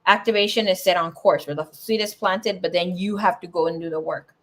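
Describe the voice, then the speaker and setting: A woman's voice: lowish voice, brisk. A young adult woman giving a casual tarot reading, chatty and emotional, swearing and tearing up as she talks. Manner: emotional, swears, laughs and tears up. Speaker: tarot reader.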